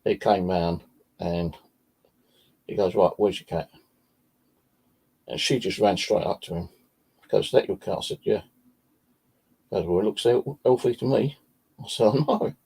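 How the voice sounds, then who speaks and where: A man's voice: fairly low pitch, normal speed, creaky, pauses often, mellow, slightly rough. A man telling rambling, profane stories about his cat in a casual vlog chat. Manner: swears freely, rambling anecdotes. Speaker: vlogger. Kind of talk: casual storytelling.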